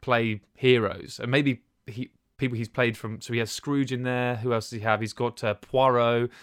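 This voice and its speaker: A man chats casually as a podcast co-host, rambling and enthusiastic. His pitch sits at the middle of the usual range. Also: fairly even intonation, normal speed, clean tone, dry recording, studio quality. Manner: rambling, enthusiastic, many restarts and fillers. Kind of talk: casual chat.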